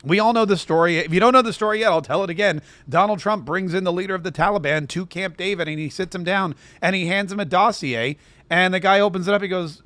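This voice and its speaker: A man's voice: high-pitched, quick pace, a bit bright, no echo. A man hosting political commentary, sarcastic and rambling, full of asides.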